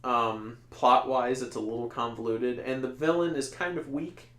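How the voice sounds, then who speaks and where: A man co-hosting a casual podcast, reviewing a movie in a rambling, animated way and laughing often. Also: mid-range voice, normal speed, roomy sound. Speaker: podcast co-host.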